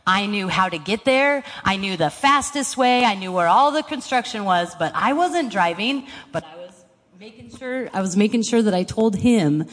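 A woman's voice: medium pitch, animated, normal speed. Woman preaching in an echoing hall. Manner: conversational, earnest teaching. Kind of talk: sermon with scripture reading. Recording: long hall reverb.

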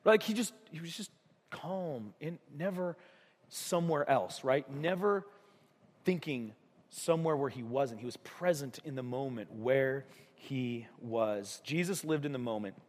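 A man's voice: medium pitch, animated, unhurried, big-room sound. A man preaching a sermon as a pastor in a casual, conversational way. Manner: conversational, acts out voices in stories. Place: church.

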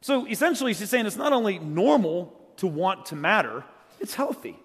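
A middle-aged man from South Carolina, preaching as a guest on a church stage, has a husky voice that sits high for a man and swings widely in pitch. At a moderate pace, he tells jokey stories in a loose, conversational way, moving between loud narration and quiet earnestness. A long hall reverb rings behind his humorous sermon.

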